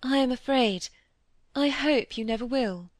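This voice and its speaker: A woman's voice: a little high, lively intonation, moderate pace, dry recording, close to an everyday voice. Woman reading a troubled, secretive young lady.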